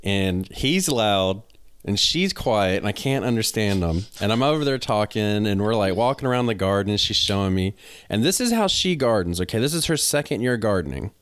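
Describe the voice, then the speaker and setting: A man with a Southern US country accent, co-hosting a podcast and telling animated, folksy stories in casual chat. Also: on the low side, moderate pace, smooth, no echo. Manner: animated storyteller, folksy, drawling. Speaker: podcast co-host.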